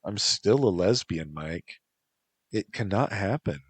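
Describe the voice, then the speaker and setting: A man's voice: on the low side, lively intonation, slow, slightly rough, dry recording, exaggerated voice. A man voicing a young female water spirit who speaks firmly and insistently. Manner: firm, insistent.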